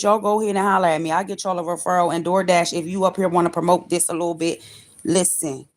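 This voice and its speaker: A woman in her forties ranting on a livestream from her car, profane, defiant and preachy. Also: low-pitched. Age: 40s. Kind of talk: angry livestream rant.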